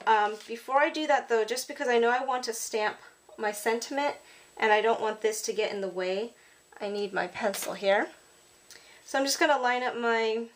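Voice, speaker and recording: Chatty woman narrating a craft tutorial. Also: on the high side. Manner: chatty, apologetic, lots of ums. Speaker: card-making demonstrator.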